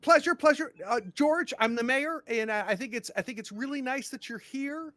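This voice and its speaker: A man's voice: very high voice, normal speed, pushed and bright, no echo, pitched above the performer's own voice. A man voicing a gushing, overeager middle-aged mayor of a small town who stammers nervously through every sentence. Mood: effusive.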